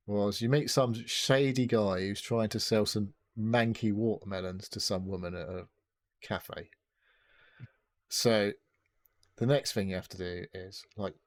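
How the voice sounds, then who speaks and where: A man hosting a podcast, chatting casually in a rambling, sweary way full of fillers and restarts. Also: on the low side. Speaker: podcast host. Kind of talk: casual chat.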